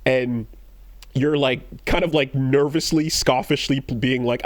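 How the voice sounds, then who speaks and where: A man's voice: medium pitch, fairly even intonation, normal speed, no echo. A man on a podcast, animatedly retelling a game story, acting out quoted lines in raised voices. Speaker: podcast co-host. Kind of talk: casual chat.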